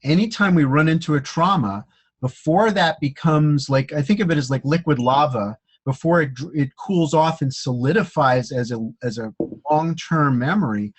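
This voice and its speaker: A man hosting a casual chat, his voice sitting a bit high for a man. He talks reflectively and haltingly, often restarting his sentences. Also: husky. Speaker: host.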